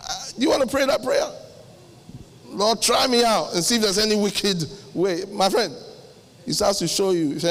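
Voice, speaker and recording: A middle-aged male pastor preaching, acting out little dialogues with sudden jumps in pitch. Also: normal speed. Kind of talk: sermon. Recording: long hall reverb.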